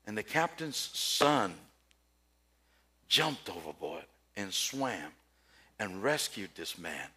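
A man preaching a sermon with passion, swinging between quiet storytelling and loud, rising questions to his listeners. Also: on the low side, big pitch swings, slow pace, pauses often, husky.

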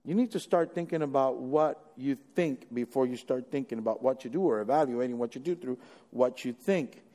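A man preaching a sermon, animated, using rhetorical questions and building to emphatic peaks. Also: medium pitch, moderate pace. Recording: long echoey hall reverb.

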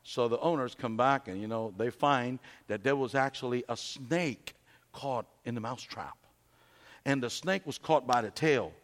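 A man's voice: mid-range voice, a little slow. Male preacher in an echoing hall. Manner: conversational preaching, storytelling with rhetorical questions. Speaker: pastor. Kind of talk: sermon. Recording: long hall reverb.

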